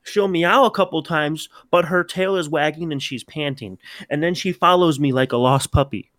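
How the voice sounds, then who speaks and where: A man co-hosting a casual podcast, telling animated stories and acting out his pet's voice. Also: a little high, moderate pace, no echo, clean studio sound. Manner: animated storyteller, acts out his cat's voice. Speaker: podcast co-host. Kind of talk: casual chat.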